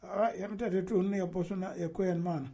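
Husky high-voiced man chatting about football. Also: fairly quick. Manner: animated, talks over the other speaker, laughs often. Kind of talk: casual chat about football.

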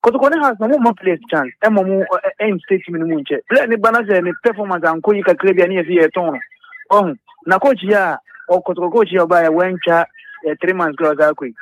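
A man's voice: high-pitched, fast, dull audio. A man calling in to a radio sports show, airing a passionate, rambling complaint with many hesitations and restarts. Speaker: caller.

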